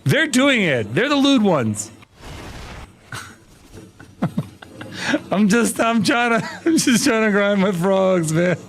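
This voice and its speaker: A young adult man streams a game live, chatting casually, laughing often, and protesting his innocence in a playful, mock-indignant way. His voice is high and very animated, but his pace is slow with frequent pauses.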